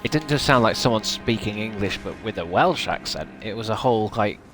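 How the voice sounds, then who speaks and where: A man's voice: fairly low pitch, expressive, a little fast, over music. A man live-streaming a game, chatting casually and rambling while swearing at what happens on screen. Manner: rambling, sweary, reacting to gameplay.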